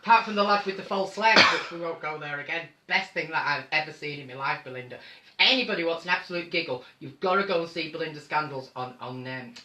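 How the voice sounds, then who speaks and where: A man with a North Manchester accent chats through a live stream from his home, camp and theatrical, calling everyone darling. His voice sits a little high and rings very bright, bouncing around a roomy room with a faint hum behind it. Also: fast talker. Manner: camp, chatty, theatrical, calls people darling. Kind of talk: casual live chat.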